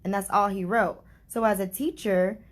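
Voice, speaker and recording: A grieving mother vlogs a heartfelt personal story, chatty and earnest, with lots of fillers like "like" and "you know." Her voice is mid-range, fairly even, at a moderate pace.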